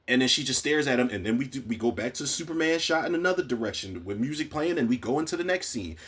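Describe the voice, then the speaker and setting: A man's voice: medium pitch, animated, fast talker, few pauses, fairly bright tone, husky. A man giving a casual, profane spoiler recap of a TV episode, acting out the characters' lines as he goes. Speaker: TV recap podcaster.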